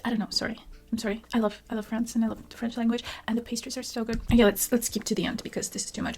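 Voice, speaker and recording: Woman, tech vlogger, casual review, chatty, self-deprecating, laughs often, slightly high voice. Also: little pitch movement, very fast, a little mellow, husky.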